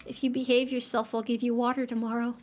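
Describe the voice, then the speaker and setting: Playing a farming game live, a young VTuber jokes with her chat and pokes fun at herself. She talks fast in a slightly high, level, somewhat mellow voice, with soft background music.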